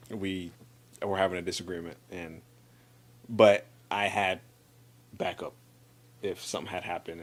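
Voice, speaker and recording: Animated man telling stories, low voice. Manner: animated, repeats words and restarts often; acts out friends' lines in livelier voice. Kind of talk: casual storytelling chat.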